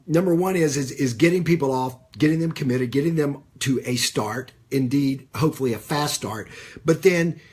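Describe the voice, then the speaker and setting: A man giving a live-streamed business coaching talk, conversational, with many fillers and repeated phrases, pausing to greet viewers by name. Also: medium pitch, breathy edge.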